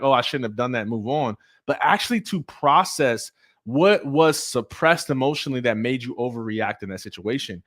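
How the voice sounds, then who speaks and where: Energetic man giving a motivational talk. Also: medium pitch. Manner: energetic, preachy, addresses viewers as y'all. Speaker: host.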